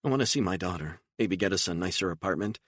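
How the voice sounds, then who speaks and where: A man's voice: deep voice, lively intonation, fast, no room sound, studio quality, pitched above the performer's own voice. A man voicing a frightened, emotional woman on the run, pleading and incredulous and raising her voice often, in an audiobook. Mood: tearful.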